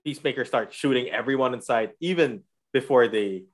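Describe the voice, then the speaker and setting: A man's voice: medium pitch, fairly quick. A man casually recapping a TV episode for his co-hosts, retelling scenes and acting out the characters' lines with frequent laughs. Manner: animated storyteller, acts out quotes, laughs often. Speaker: podcast host recapping a TV episode. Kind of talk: casual chat.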